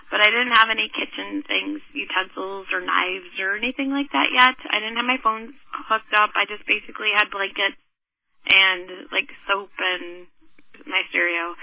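A woman's voice: on the high side, dry recording. A woman from the Chicago area, calling in to tell a personal story in a rambling, casual way full of fillers. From Chicago area, USA. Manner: rambling, many fillers and restarts. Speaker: caller telling her story. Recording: tinny phone line.

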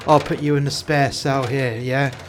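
A crude man swearing constantly as he rambles in a game role-play. His voice sits at an ordinary middle pitch, with a faint hiss of noise behind it. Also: level tone, moderate pace. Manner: crude, heavily profane, rambling storyteller. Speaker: player in prison role-play. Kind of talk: casual role-play chat.

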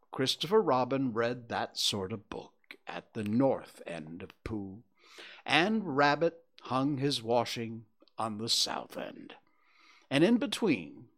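A man reading a children's story aloud with expressive storytelling. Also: medium pitch.

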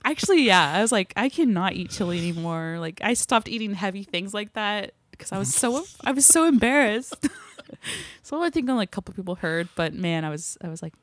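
A young female actor, appearing as an interview guest, tells a casual story in a medium-pitched, expressive voice at a brisk clip. She's chatty and laughs as she goes, using lots of fillers.

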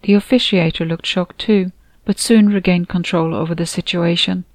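A woman reading her own novel aloud in steady, descriptive audiobook narration. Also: on the low side, moderate pace, no echo. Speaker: author and narrator.

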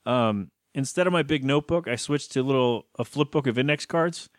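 A man's voice: mid-range voice, brisk, dry recording, clean studio sound. A man co-hosting a podcast, chatting casually and joking as he rambles through a TV episode recap. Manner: joking, rambling with many restarts. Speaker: podcast co-host. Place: podcast studio. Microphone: studio mic, talking close.

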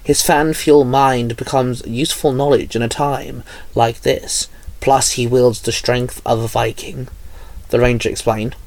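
A man narrating a fan fiction story aloud in a plain, steady storytelling manner. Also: medium pitch, measured pace, creaky.

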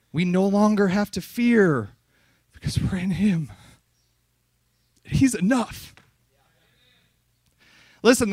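A man preaching a fiery sermon at a youth conference, yelling hard and then dropping to soft, close asides. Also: sits high, no room sound.

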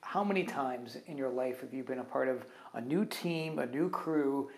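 At a normal pace and in a mid-range voice, this podcast co-host rambles through a long story from work. He voices other people's quotes with animation, often ending sentences with "right?" and leaning on "kind of thing."

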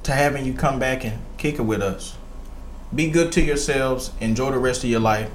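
A man hosting a casual podcast chat with friends, animated as he retells movie scenes and quotes the characters. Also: mid-range voice, moderate pace. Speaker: podcast host. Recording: echoey room, faint background noise.

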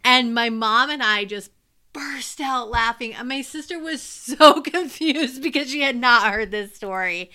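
A woman teacher telling a funny classroom story in an animated way, laughing as she goes. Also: on the high side, measured pace. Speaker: teacher and podcast co-host. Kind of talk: personal storytelling.

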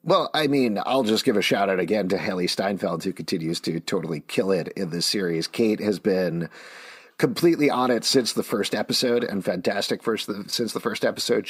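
Husky, slightly low male podcast host, chatty and conversational. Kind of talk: casual podcast discussion.

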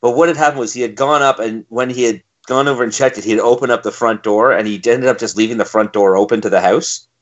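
A man's voice: medium pitch, steady tone, fast, few pauses, highs cut off. A man co-hosting a casual podcast, telling a long story full of profanity in an exasperated tone. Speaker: podcast co-host.

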